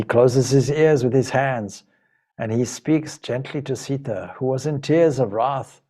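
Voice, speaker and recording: A man's voice: medium pitch, a little slow, warm tone. A man, a monk and spiritual teacher, emotively retelling an ancient epic in a spiritual talk. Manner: emotive, dramatic retelling with voiced dialogue. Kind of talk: storytelling talk of a sacred epic.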